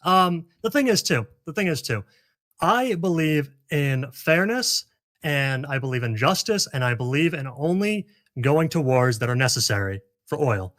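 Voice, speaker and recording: Brief: young man in a voice-chat joke debate, slightly high voice, halting and earnest-sounding. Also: big pitch swings, a bit bright. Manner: hesitant, stumbling restarts, mock-serious. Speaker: mock presidential candidate. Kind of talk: casual comedic role-play over voice chat.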